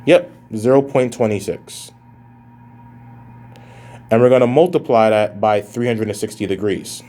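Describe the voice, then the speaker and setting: A man's voice: fairly low pitch, a little slow, warm tone. A man teaching a math lesson as a professor in a recorded lecture, casual and plain-spoken, addressing students as guys and thinking aloud as he works through calculations.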